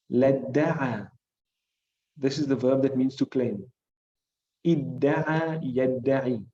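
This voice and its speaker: A man's voice: medium pitch, warm tone, lo-fi sound. A man with a South African accent teaching a classroom lesson on hadith and Arabic grammar. He explains patiently, repeats the key points and keeps checking understanding with "right?". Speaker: Islamic studies teacher.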